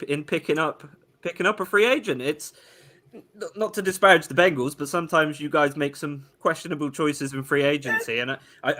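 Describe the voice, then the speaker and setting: Man, bright voice, guest pundit. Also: fairly high pitch. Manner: measured, with stumbling restarts. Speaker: podcast guest. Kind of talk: casual sports talk.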